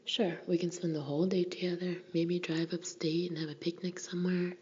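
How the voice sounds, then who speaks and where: A woman narrator voicing a married man on a secret phone call, in a whispered role-play, placating and hurried. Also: high-pitched, level tone, darkish tone, natural voice.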